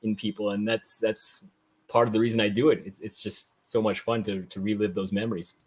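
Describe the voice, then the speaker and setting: A man's voice: lowish voice, little pitch movement, fairly quick, darkish tone, husky. A man guesting on a casual podcast, speaking modestly and reflectively. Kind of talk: casual chat.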